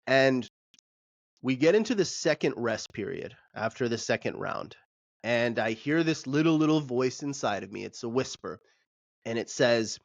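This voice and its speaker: A man's voice: medium pitch, measured pace, no echo, lo-fi sound. A man on a podcast who leads breathwork sessions, telling a story in an earnest, reflective way with many fillers. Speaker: podcast co-host and breathwork facilitator. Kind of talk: casual storytelling.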